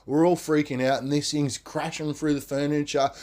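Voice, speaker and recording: Animated man telling a story. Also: a little high, moderate pace. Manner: animated, swears freely, tags lines with "man" and "right?". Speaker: podcast storyteller. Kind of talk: casual spoken storytelling.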